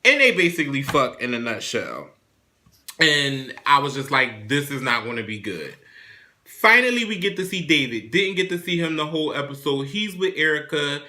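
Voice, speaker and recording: A young man hosting his own show, casually recapping a TV drama episode in a chatty, animated, profane way. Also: a little high, normal speed. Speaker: show host reviewing a TV drama.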